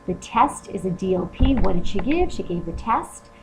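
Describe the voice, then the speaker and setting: A woman's voice: medium pitch, lively intonation, normal speed, noisy background. A woman teacher explaining Spanish grammar step by step in a recorded lesson, often asking rhetorical questions.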